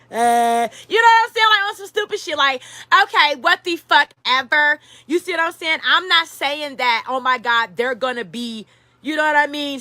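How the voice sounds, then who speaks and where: A woman giving casual celebrity-gossip commentary, profane and animated, rambling with lots of fillers. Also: sits high, dry recording. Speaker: commentary vlogger.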